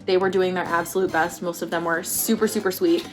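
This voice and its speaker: Young woman, pregnant, casual vlog storytelling, lively quoted voices, soft background music. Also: fairly quick. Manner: animated, acts out quotes with pitch jumps. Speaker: vlogger.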